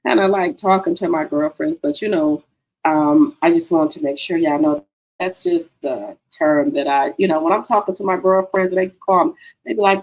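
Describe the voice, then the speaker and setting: Woman livestream host, gossip chat, low-ish gravelly voice, swears freely. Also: normal speed, rough recording. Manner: chatty, profane, addresses viewers as girlfriends.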